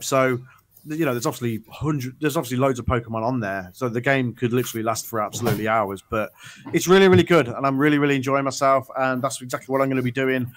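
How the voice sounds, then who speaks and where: A man co-hosting a gaming podcast, chatting casually and rambling with lots of restarts and ums. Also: medium pitch. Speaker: podcast co-host. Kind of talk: casual chat.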